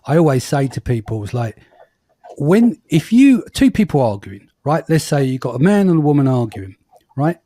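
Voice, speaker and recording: A man's voice: on the high side, very animated, moderate pace, dark tone, no echo, clean studio sound. A man hosting an interview, blunt and swearing, often asking for agreement. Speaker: podcast host. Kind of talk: casual interview talk.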